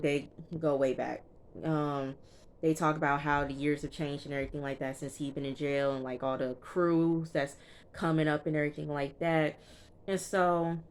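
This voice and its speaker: A woman's voice: deep voice, clear, resonant tone. Chatty woman recapping a TV episode. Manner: chatty, emphatic, frequent fillers, speaks directly to viewers. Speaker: TV recap vlogger.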